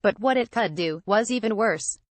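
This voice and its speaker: A woman's voice: mid-range voice, expressive, moderate pace, no echo. A woman narrating an audiobook in an earnest, naive first-person storytelling manner.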